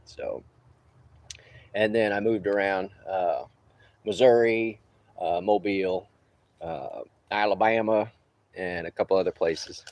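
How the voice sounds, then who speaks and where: A man in his fifties with a low voice talks on an outdoor livestream from a roof during a work break. He rambles in an easygoing way and drops chuckling asides as he answers his viewers. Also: slow, pauses often, darkish tone, no room sound. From New Orleans. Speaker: livestreamer and roofer. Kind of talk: casual livestream chat.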